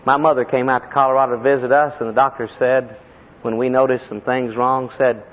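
A man preaching a sermon as a personal story, impassioned, with sudden leaps in pitch and heavy emphasis. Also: flat delivery, fairly quick. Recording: echoey hall, dull lo-fi sound.

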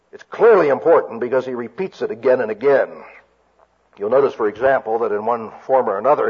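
A man works through a sermon, explaining each point carefully and often restarting his sentences. His voice is husky, and the recording sounds dull and lo-fi. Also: fairly low pitch. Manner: careful teaching with frequent restarts. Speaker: preacher. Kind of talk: expository sermon.

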